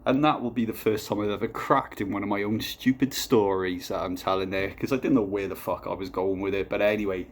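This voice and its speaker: A man doing a casual comic vlog, rambling and swearing through a deadpan story while reviewing a beer. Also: fairly low pitch, brisk, hardly any pauses.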